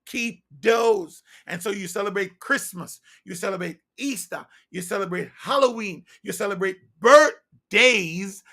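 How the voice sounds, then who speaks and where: A man preaching a sermon with fervent insistence, firing rhetorical questions and swinging from loud emphasis to hushed near-whispers. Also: high-pitched, measured pace.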